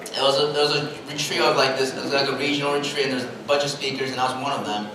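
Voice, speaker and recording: A young adult male pastor telling a story in a sermon, animated and self-mocking, laughing at his own jokes. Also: mid-range voice, very fast, background noise. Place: large church sanctuary. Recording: echoey hall, mic at a distance.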